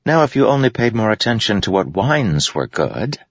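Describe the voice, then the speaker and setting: A man voicing an eager, flattering young noblewoman. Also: fairly low pitch, moderate pace, breathy edge, no room sound, muffled recording, pitched above the performer's own voice, heavily acted.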